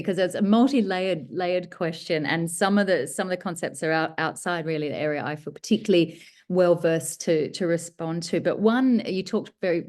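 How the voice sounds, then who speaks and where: Woman guest author, deep voice, musing and rambling answers on a video call. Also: darkish tone. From Australia. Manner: thoughtful, rambling with restarts. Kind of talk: casual workshop answer.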